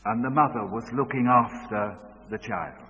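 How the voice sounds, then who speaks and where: A man preaching a sermon, moving between loud urgent calls and hushed storytelling. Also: medium pitch, moderate pace. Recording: dull sound with long hall reverb.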